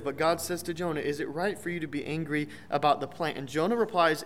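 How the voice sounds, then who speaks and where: A young man preaches in a slightly higher voice, talking through scripture casually with the odd joke and self-correction. His voice rings out with a long reverb tail, as though recorded in a big church hall. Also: fairly even intonation, fast talker, hardly any pauses, fairly bright tone, slight background noise. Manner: conversational, with restarts and light humor. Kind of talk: sermon.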